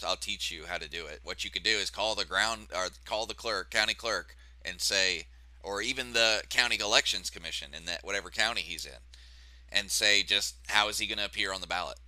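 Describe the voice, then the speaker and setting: A man co-hosting an online political talk show, measured and explanatory, talking into his own microphone. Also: low-pitched, pushed and bright, no room sound. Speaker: podcast co-host. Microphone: own microphone on a call.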